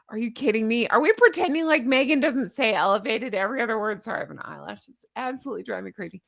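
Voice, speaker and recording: Woman host, sarcastic and exasperated commentary, a bit high-pitched, close and dry. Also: expressive, racing, creaky, few pauses, dry recording.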